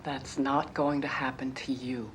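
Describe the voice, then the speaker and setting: Doctor, measured and reassuring, very low voice, faint hiss. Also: female voice, level tone. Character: calm female doctor giving check-up news.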